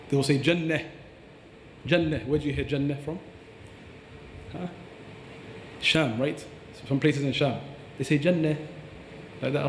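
A man's voice: mid-range voice, darkish tone, roomy sound, big-room sound, a little hiss or hum. A man teaching about Quran recitation on a podcast, earnest and explanatory, demonstrating pronunciations aloud.

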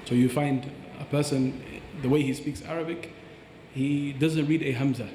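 A man's voice: medium pitch, fairly even intonation, normal speed, mellow, slight background noise. Man teaching in an echoey hall. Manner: explanatory, recites Arabic phrases. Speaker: Quran teacher. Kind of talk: podcast explanation. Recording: echoey hall with long reverb.

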